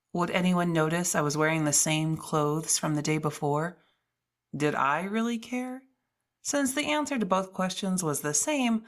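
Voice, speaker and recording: Wry woman narrating an audiobook. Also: on the low side. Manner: wry, self-mocking storytelling. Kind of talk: scripted first-person audiobook narration.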